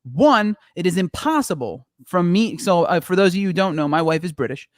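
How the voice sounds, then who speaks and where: A man's voice: high-pitched, lively intonation, brisk, no echo, clean studio sound. A man co-hosting a live podcast, chatting casually with profane jokes. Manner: profane, joking banter. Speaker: podcast co-host. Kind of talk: casual live-stream chat.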